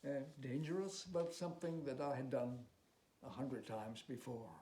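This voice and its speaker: A man voicing a proud, aging male tightrope walker who bursts out in anger and then confesses in a halting, hushed way. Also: medium pitch, close to an everyday voice. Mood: confessing. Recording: roomy echo, faint noise.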